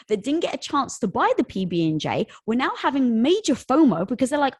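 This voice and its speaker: A woman in her thirties, a company co-founder, telling an animated story in an interview and acting out what people said. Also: high-pitched, a little fast, few pauses, slightly rough, no echo. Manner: lively storyteller who acts out quoted dialogue.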